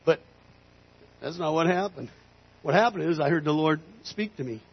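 A man preaching a storytelling sermon in an animated way, rising into loud emphatic bursts. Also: fairly high pitch, moderate pace, breathy edge. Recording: slightly muffled recording.

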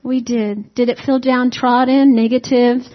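A woman's voice: fairly high pitch, flat delivery, a little slow. Chatty woman preaching a homey sermon. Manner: conversational, asks the congregation rhetorical questions; folksy humorous asides. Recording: dull lo-fi recording.

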